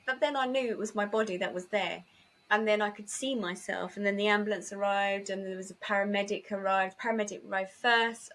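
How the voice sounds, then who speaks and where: A woman's voice: medium pitch, a bit bright. A woman, a guest on an interview podcast, telling a personal story vividly, acting out remembered dialogue with many fillers and restarts.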